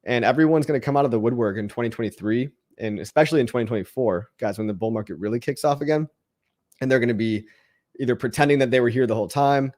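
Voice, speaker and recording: A man's voice: medium pitch, quick pace, a little mellow. Upbeat rambling man hosting a livestream. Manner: rambling, repeats and restarts words; upbeat and pep-talking. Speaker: livestream host answering chat questions. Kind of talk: casual motivational rant.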